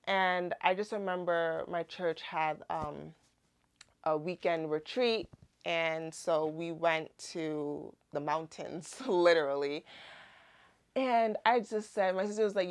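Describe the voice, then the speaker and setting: A woman's voice: on the low side, takes it slowly, clean tone. A young woman, chatting animatedly through a personal testimony full of "like"s. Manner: chatty, animated retelling with many "like"s. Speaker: Christian vlogger. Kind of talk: casual testimony storytelling.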